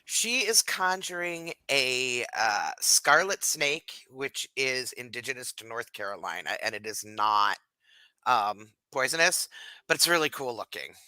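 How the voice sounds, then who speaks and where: A player in a tabletop role-playing game, chatting in an animated, rambling way. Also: mid-range voice, measured pace, no echo. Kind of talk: casual chat during a tabletop game.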